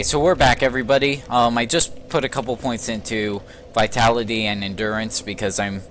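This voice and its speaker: A young man with a fairly low voice gives casual gameplay commentary into a desk mic. He jokes and swears as he plays, sarcastic but easygoing. A faint hiss sits under the voice. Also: a bit bright. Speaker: let's play host.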